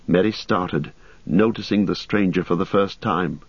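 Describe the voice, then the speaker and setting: A man narrating an audiobook in a steady, measured reading. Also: sits low, slightly rough, no room sound. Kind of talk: scripted narration. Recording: slightly muffled, dry recording.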